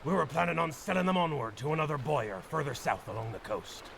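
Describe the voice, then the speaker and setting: A man's voice: on the high side, lively intonation, fast, vocal fry, noisy background. An actor playing a cunning captured male pirate who poses as a farmer in a game, wheedling and then sly and taunting. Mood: bargaining.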